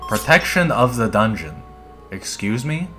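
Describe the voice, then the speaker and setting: A streamer playing a dungeon game chats casually as he plays, rambling, laid-back and swearing a lot. His medium-pitched voice swings widely in pitch and sounds bright and forceful at an unhurried pace, with soft music in the background.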